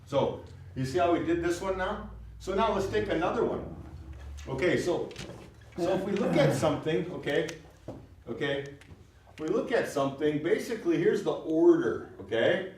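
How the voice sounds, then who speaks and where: A man's voice: a little high, normal speed, pauses often, slight background noise. A man teaching a language class, explaining patiently and often checking that his students follow. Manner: lively, explains patiently with frequent checks for understanding. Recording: echoey room, recorded from far off.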